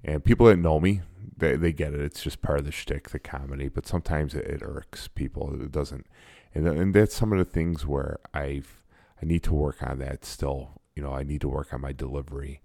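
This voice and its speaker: A man's voice: rumbling low, gravelly, mellow, no room sound, clean studio sound. A man in his forties, a guest in a casual interview, talking in a blunt and emphatic way. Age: 40s. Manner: blunt and emphatic, self-described sarcastic.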